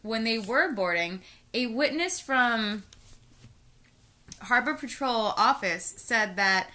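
A woman with a slightly high, animated voice speaks slowly in a bright, forceful tone. She co-hosts a casual true-crime chat over wine, jokey and sarcastic, reading out details and tossing in her own asides.

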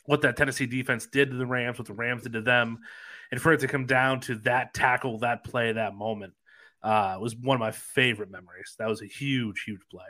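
A man's voice: mid-range voice, steady tone, a little fast, pushed and bright. A man co-hosting a podcast in casual chat, talking enthusiastically about favorite moments. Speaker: podcast co-host.

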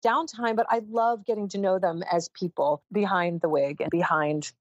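Lively American woman in her fifties. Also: lowish voice, normal speed, no echo, lo-fi sound. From United States. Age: 50s. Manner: animated, laughs often, emphatic. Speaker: guest judge. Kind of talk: casual interview chat.

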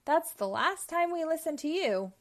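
A woman doing squeaky scheming storybook ghosts. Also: moderate pace. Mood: angry. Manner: high, excited, conspiratorial. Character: scheming mischievous cackling cartoon ghosts, male.

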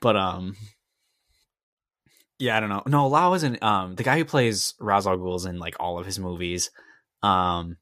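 A man co-hosting a podcast, chatting casually about a film in a measured, hesitant way with many "um"s. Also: low-pitched, fairly bright tone, no echo. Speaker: podcast co-host. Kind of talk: casual film review chat.

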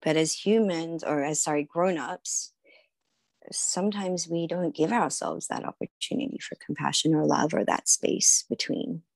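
A woman speaks in a lowish, relaxed voice, musing casually as an interview guest. She slips into playful little voices for her own thoughts and laughs often. The sound is dry and close, with no room around it. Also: measured pace, creaky, no room sound. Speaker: podcast guest, writer and healer.

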